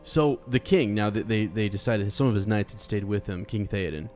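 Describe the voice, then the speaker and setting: Podcast co-host, a man with a lowish voice, talks in a halting, easygoing way. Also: darkish tone, soft background music. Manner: halting, many restarts, laughs easily. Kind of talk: casual book discussion chat.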